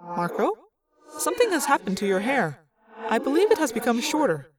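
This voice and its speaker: Axe, a woman doing a formal calm alien. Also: a little high, normal speed, music in the background, voice pushed up. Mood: earnest. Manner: formal, precise, quietly courteous. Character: polite, formal alien male warrior, calm and earnest.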